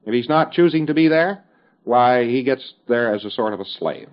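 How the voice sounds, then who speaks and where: A man's voice: medium pitch, lively intonation, normal speed, dull audio. A man giving a recorded instructional lecture in a conversational, emphatic way, with folksy asides and fillers.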